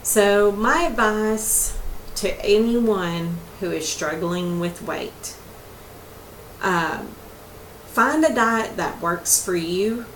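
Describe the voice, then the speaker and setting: A woman talking earnestly and casually to her viewers as a vlogger, recorded on a laptop webcam. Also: mid-range voice. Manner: chatty, earnest, addresses viewers as y'all. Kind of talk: casual chat to camera. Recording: roomy, distant mic, faint room noise.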